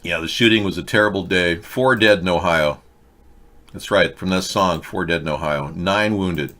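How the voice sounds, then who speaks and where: A man's voice: low-pitched, normal speed, bright, forceful tone. A man hosting a political talk show, talking in a mocking, sarcastic way and jumping between bits and rants. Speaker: host.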